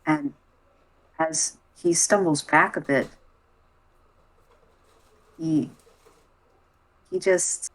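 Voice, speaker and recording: A woman narrating as game master in a tabletop game, slow and calm. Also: low voice, low-quality recording.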